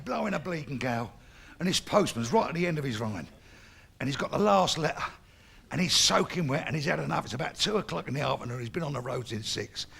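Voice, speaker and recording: A man's voice: mid-range voice, vocal fry, a bit bright, slightly rough. A middle-aged man telling crude, swear-filled jokes on stage and voicing each character himself. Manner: crude, swearing, playing every character in the joke. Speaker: comedian. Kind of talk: stand-up joke telling. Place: live comedy stage before an audience.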